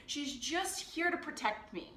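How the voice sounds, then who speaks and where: Her voice is high and sharp, with lively intonation and an unhurried pace. She's a woman life coach making a candid confessional vlog on a phone or camera, blunt and emotional, laughing often as she talks, and the sound carries a roomy echo.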